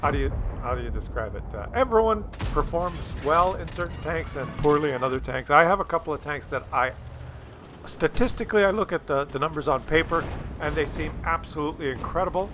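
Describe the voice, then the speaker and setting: A man hosting his own gaming video, talking through gameplay in a rambling, jokey and excitable way. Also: fairly high pitch, a little fast, noisy background. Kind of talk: casual gameplay commentary.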